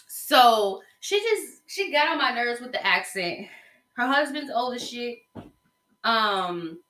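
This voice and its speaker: Southern woman gossiping on her podcast, blunt and slangy, bright voice, echoey room. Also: mid-range voice. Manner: blunt, chatty, with slang and fillers. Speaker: podcast host. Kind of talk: casual gossip monologue.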